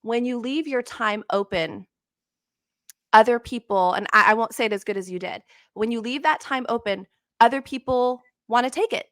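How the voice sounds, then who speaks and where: Bright chatty woman podcast host. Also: fairly high pitch, moderate pace, dry recording, studio quality. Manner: chatty and affirming, trails off and restarts. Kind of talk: casual interview chat.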